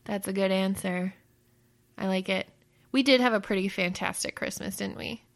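A woman's voice: mid-range voice, steady tone, moderate pace, gravelly. A woman hosting a casual family chat, asking a child questions in a playful, upbeat way and laughing easily.

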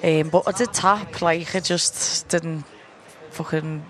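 A woman's voice: on the low side, steady tone, slow pace. A woman guest talking casually in an interview, rambling and laughing often as she tells her story. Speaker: guest fighter. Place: busy launch event venue. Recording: crowd noise at a launch event.

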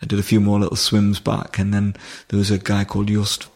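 Man, gravelly voice, flat delivery, emotional, halting, podcast guest. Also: fairly low pitch. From Durham, England. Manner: halting, emotional, many restarts. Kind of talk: personal storytelling in conversation.

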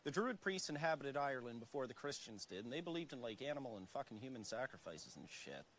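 Blunt farmhand, fast talker, lively pitch, TV comedy, swears a lot. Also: male voice, a little hiss or hum. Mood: lecturing. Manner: blunt, lecturing, swears often. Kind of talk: TV comedy acting.

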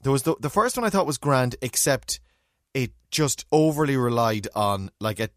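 A man's voice: medium pitch, lively intonation, normal speed, dry recording, clean studio sound. A middle-aged man co-hosting a casual chat, wry and chatty, trailing off into fillers. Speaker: podcast co-host.

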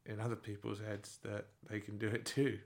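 Young man, podcast guest, relaxed and hesitant, low and flat voice. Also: moderate pace, creaky. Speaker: guest, husband. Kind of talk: casual chat.

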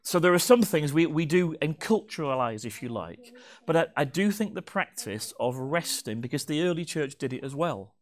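A man delivering a sermon from the front of a church, his voice sitting a touch higher than most men's. He talks with a playful, teasing manner, joking with the congregation between points of teaching. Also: expressive, moderate pace. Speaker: pastor. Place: church hall.

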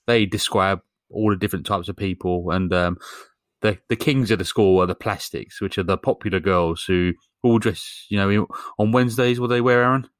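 Rambling man, low voice. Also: brisk, no echo. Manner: rambling, many ums, jokey. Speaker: podcast co-host. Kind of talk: casual chat, retelling a film plot.

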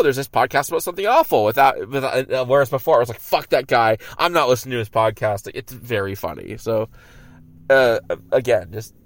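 A man's voice: mid-range voice, dry recording. A man hosting his own podcast, rambling alone in a car with lots of stammered restarts and filler words. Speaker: podcast host. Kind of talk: rambling solo podcast monologue. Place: inside a car.

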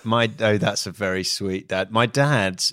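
A man's voice: fairly low pitch, a little slow, a bit bright, dry recording. Male podcast host, playful and teasing banter, dry close sound. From United Kingdom. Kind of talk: casual comedic chat.

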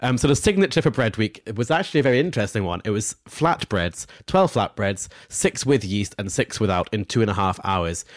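A man co-hosting a casual podcast chat, earnest and gently scolding his partner. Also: on the low side, no room sound, clean studio sound. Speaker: podcast co-host.

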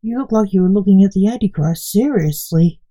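A woman's voice: mid-range voice, animated, a little fast, warm tone, natural voice. Fields: woman voicing a cold, mocking male angel of death. Storybook. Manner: cold and taunting.

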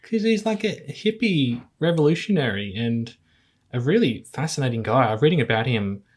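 A man hosts a casual film-review podcast at an ordinary mid pitch. He talks in an easygoing, slightly hesitant way, often pausing on fillers and chuckling. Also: very animated, husky. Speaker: podcast host.

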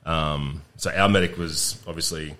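A man's voice: a bass voice, fairly even intonation, a little slow, background noise. A man, a podcast guest telling war stories in a laid-back, profane way and laughing through them. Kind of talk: casual storytelling chat.

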